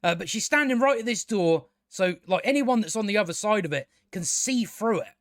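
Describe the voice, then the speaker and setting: A man's voice: high voice, expressive, fairly quick, dry recording, studio quality. A man giving a casual spoken TV review, ranting with exasperation, stumbling over restarts and swearing.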